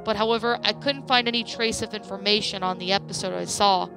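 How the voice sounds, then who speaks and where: A woman narrating a creepypasta story in a plain, steady reading voice. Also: mid-range voice, brisk, creaky, over music.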